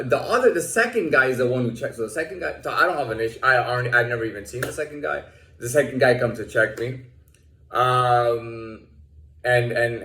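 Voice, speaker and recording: A man ranting casually about a personal run-in, swearing freely, restarting sentences and acting out what others said. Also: pushed and bright. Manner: profane, rambling, many restarts, acts out quotes in a higher voice. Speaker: vlogger telling a personal story. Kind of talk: casual rant. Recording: echoey room.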